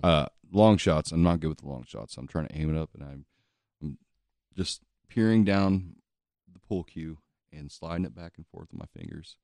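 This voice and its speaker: A man's voice: very deep voice, normal speed, creaky, a little mellow, dry recording. A man telling a long bar story in casual chat, profane and laughing often as he rambles.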